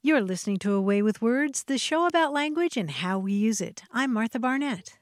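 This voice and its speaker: A woman co-hosting a radio talk show about language, friendly and quick to laugh. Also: on the high side, animated, soft background music.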